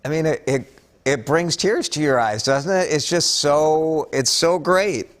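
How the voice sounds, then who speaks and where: A man's voice: fairly high pitch, measured pace. A man hosting a casual morning news update, chatty and upbeat, reading out viewer comments with joking asides.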